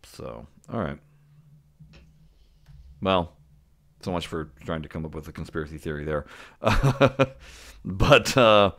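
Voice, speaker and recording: A man's voice: very deep voice, a bit bright. A man co-hosting a podcast in casual chat, talking in a loose, chatty way with frequent laughs and fillers. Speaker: podcast co-host.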